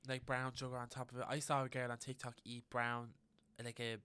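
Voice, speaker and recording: Fast, bright-voiced Irish young man. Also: medium pitch, completely flat delivery, clear, resonant tone. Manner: blunt, swears freely, chatty and gossipy. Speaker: podcast co-host. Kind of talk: casual chat.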